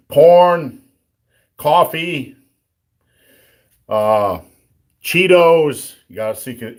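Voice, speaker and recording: A man hosting a live Q&A on strength training, blunt and joking, talking through a sore throat and clearing it often. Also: on the low side, a little mellow. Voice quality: throat-clearing, a bit rough. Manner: blunt, joking, plainspoken coaching. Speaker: livestream host answering viewer questions.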